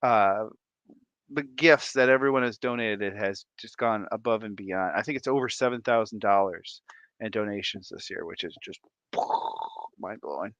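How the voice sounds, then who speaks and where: A man hosting a casual livestream chat, playful and animated, tired and a bit congested, talking on a close desk mic. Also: on the low side, moderate pace, dry recording, highs cut off. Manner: animated, playful, breaks into laughs and silly voices. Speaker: livestream host.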